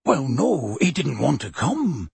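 Gentle giant, deep and rough, slow and pleading, a man putting him on, audiobook, dry sound. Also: sing-song, dry recording, heavily acted. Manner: hushed, slow, earnest pleading. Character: huge gentle half-giant man, tearful and anxious. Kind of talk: audiobook character voice.

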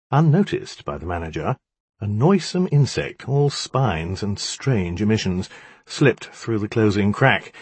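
A man's voice: on the low side, breathy edge, dry recording. A man narrating a story in a wry, dramatic storytelling manner. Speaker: audiobook narrator. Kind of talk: scripted narration.

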